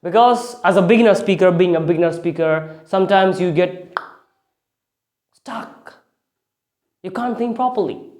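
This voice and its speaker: A man's voice: high-pitched, a little fast, darkish tone. A man giving a spoken English lesson, often restarting phrases and leaning hard on key words. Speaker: English speaking teacher.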